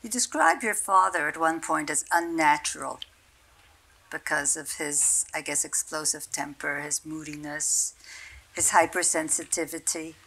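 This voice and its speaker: A woman's voice: sits low, unhurried, vocal fry, sharp tone, rough recording. Woman asking thoughtful, hesitant questions. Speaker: interviewer. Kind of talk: stage interview questions. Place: stage talk at a cultural center.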